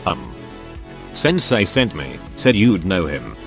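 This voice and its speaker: A nervous, polite young runner, voiced by a synthetic male reader. The pitch sits low but leaps around in a lively way. Soft music hums in the background. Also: slow, vocal fry, exaggerated voice.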